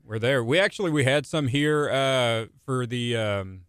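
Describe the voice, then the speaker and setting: A man's voice: medium pitch, a little slow, a bit bright, clear, resonant tone, dry recording. A young man, a small business owner and stay-at-home dad, chatting casually and often restarting his sentences. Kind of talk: casual chat.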